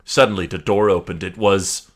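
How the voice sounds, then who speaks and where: A man hosting a comedy podcast, reading fan fiction aloud theatrically with deadpan asides. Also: low-pitched, moderate pace.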